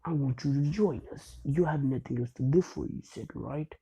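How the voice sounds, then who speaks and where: A young man voicing a calm, scheming adult male villain who talks in a persuasive way. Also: fairly high pitch, moderate pace, vocal fry, husky, full character voice, rough recording.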